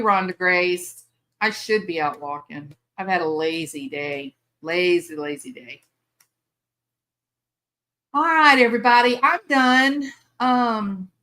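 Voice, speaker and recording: A woman's voice: mid-range voice, pushed and bright. A chatty, bubbly older woman, hosting a casual live stream and laughing often. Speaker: livestream host.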